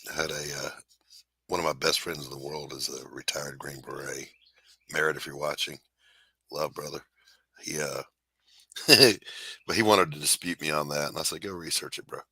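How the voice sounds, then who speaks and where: Very low, bright-toned man, dry sound. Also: steady tone, moderate pace, pauses often, breathy edge, no echo. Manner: blunt, loud bursts of drill-style barking. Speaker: art streamer, host. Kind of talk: casual chat while drawing.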